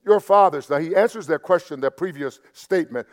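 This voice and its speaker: A man with a fairly high voice preaches a sermon in a chatty way. He restarts words, repeats phrases, and moves between loud emphasis and hushed asides. His voice rings with the long reverb of a church sanctuary. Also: a little fast. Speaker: pastor.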